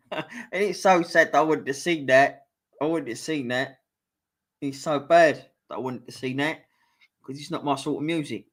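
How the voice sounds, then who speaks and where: Young London bloke, fairly high voice, casual quizmaster, sweary and chatty. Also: male voice, moderate pace, pauses often, fairly bright tone. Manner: swears freely, offhand banter between questions. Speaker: quiz host. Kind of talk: casual live-stream pub quiz.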